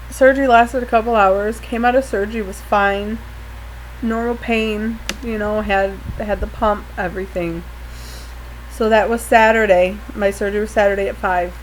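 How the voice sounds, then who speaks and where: A woman telling an emotional personal story after surgery, halting and apologetic, often near tears. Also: medium pitch, slight background noise, low-quality recording. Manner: tearful, apologetic, halting with fillers. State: post-surgery, pained when coughing. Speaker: vlogger.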